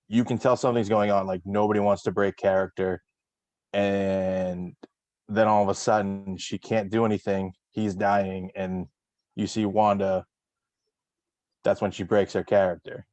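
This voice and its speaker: Male host, low-pitched, rambling casual chat, dry recording. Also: level tone, a little slow, darkish tone, no room sound. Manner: rambling, many fillers and restarts. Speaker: podcast host.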